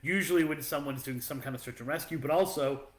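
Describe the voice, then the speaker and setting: A fast-talking podcast co-host with a slightly high voice tells a meandering story packed with fillers. The casual chat echoes around the room.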